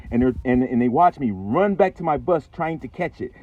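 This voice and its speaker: A man's voice: mid-range voice, a little fast, hardly any pauses, no room sound. A man telling a rambling, profane, conspiratorial story in a casual vlog. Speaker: channel host. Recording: tinny phone-like sound.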